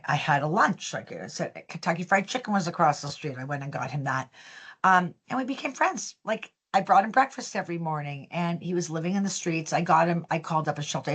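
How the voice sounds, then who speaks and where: Woman, somewhat low voice, interview guest, lively storyteller. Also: breathy edge. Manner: lively storyteller, acts out quoted dialogue. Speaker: business founder, guest.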